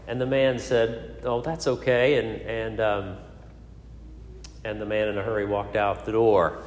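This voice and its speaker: Preacher in a reverberant hall. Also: male voice, mid-range voice, level tone, takes it slowly, long pauses. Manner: storytelling with frequent fillers and restarts. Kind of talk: sermon. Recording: echoey hall.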